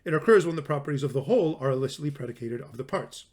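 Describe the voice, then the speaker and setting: A man's voice: medium pitch, lively intonation, very fast, a little mellow. A man giving a recorded classroom lecture on logic, talking in a conversational way, stressing words for emphasis and often restarting his sentences.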